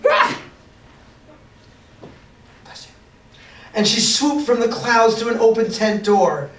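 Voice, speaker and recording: A man's voice: very high voice, moderate pace. A man reading a picture book aloud to children, playful and full of sound effects, heard in an echoey room from a distance.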